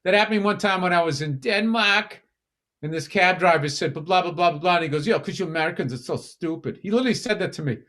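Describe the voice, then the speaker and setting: A man's voice: sits high, quick pace, bright, forceful tone. A middle-aged man with a Boston accent co-hosting a podcast, telling stories in a heated, profane, casual way. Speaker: podcast co-host. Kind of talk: casual chat.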